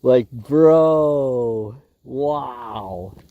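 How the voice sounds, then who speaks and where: A man's voice: mid-range voice, very slow, mellow, no room sound, highs cut off. A man hosting a fishing livestream from a windy lake, chatting casually and joking with his viewers, laughing often.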